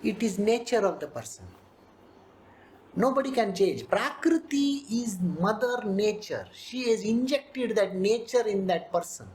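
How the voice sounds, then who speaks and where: A spiritual teacher gives an animated scripture discourse, acting out characters and laughing often. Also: medium pitch, unhurried, a little hiss or hum.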